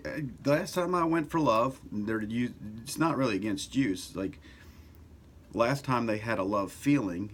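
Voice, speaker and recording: A middle-aged man hosting a casual self-help talk, loose and conversational, who swears now and then and grows louder and more animated as he goes. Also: medium pitch, a little hiss or hum. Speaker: self-help author and video host. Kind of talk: casual motivational talk to camera.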